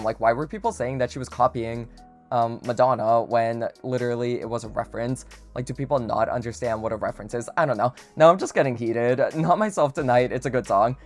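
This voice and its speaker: A man's voice: medium pitch, a little mellow. Gushing young-sounding man ranking songs. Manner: gushing, dramatic, heavy use of "like". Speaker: music reviewer. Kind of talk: casual song-ranking vlog. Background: faint background music.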